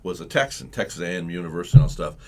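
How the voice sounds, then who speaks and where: A man's voice: low-pitched, rapid-fire, gravelly. A man hosting live morning talk radio, telling rambling stories and acting out the voices of the people in them. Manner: rambling, animated storytelling with acted-out quotes. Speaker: radio talk show host.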